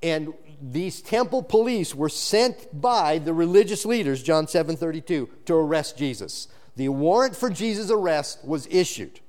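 A male pastor preaching an expository sermon, shifting between low emphatic lines and raised animated ones, often restarting his words. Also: moderate pace, few pauses. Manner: frequent restarts and repeated words.

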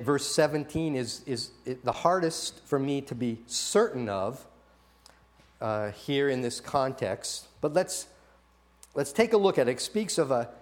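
Pastor, male, slightly high voice, animated sermon delivery with acted-out quotes and restarts.

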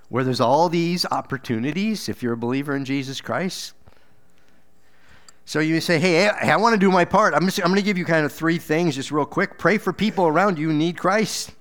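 A man preaching a sermon in church, earnest and exhorting, with frequent repeated words and emphatic rises. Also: fairly high pitch. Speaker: pastor.

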